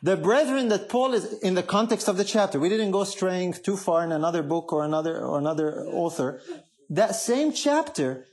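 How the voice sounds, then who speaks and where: A man's voice: high voice, fairly quick, hardly any pauses, darkish tone. Emphatic man preaching a sermon. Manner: emphatic, asks the congregation questions.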